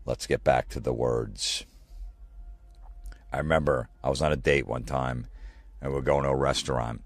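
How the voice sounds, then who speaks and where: A low-voiced man rants through a comedy podcast, swearing freely and sounding exasperated. He mocks the people he complains about with quick impressions. The sound is dry and close to the mic. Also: steady tone, no room sound. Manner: profane, exasperated ranting with mocking impressions. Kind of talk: ranting comedy podcast monologue.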